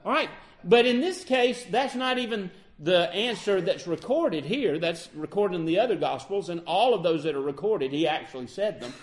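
A man preaching a sermon, acting out the quoted dialogue with lively emphasis. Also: sits high, moderate pace, few pauses.

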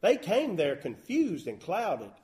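A man preaching a sermon as a pastor, folksy and emphatic with loud bursts. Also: sits high, huge pitch swings, slow. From Southern US.

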